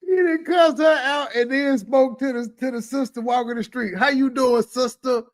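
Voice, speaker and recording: Male reaction commentator with a high voice, crude and mocking. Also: normal speed. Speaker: commentary YouTuber.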